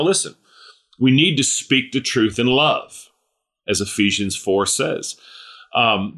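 A man's voice: medium pitch, sharp tone. A middle-aged man preaching a sermon in a conversational way, often checking in with "right?" and "you know". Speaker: pastor.

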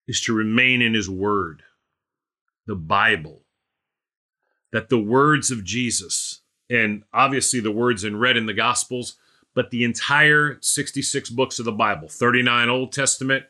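A man teaches scripture to a small group in a bright, forceful voice. He is emphatic, repeating phrases and firing rhetorical questions. Now and then he calls on listeners by name. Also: medium pitch. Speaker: Bible teacher. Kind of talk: informal Bible study teaching.

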